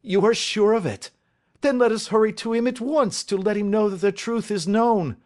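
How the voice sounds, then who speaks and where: A man voicing an excitable, distraught middle-aged banker in an audiobook, pleading and bursting with emotion. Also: on the high side, measured pace, voice pushed up. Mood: urgent. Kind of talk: audiobook character reading.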